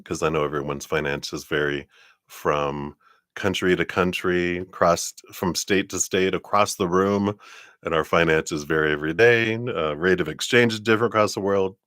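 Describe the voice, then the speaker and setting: Man, tarot stream host, casual chat, low pitch, lots of ums and laughs. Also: moderate pace, fairly bright tone, no room sound, studio quality. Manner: chatty, laughs often, many fillers.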